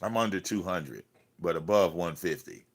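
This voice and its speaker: In a cluttered room at home, a man running a livestream swears at someone confrontationally, saying the same things over and over. He has a low voice with a breathy edge and talks at a normal speed.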